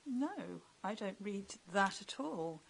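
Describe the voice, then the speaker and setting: A woman giving evidence as an expert witness at a public inquiry, firm and clear in disagreeing. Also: medium pitch, animated, slow pace, poor audio. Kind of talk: inquiry testimony.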